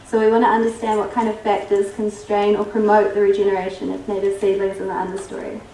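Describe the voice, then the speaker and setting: A woman's voice: mid-range voice, completely flat delivery, fast talker, mellow, a little hiss or hum. A young New woman presents her research to a workshop audience, her voice getting worn. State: losing her voice. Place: workshop hall. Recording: roomy distant hall recording.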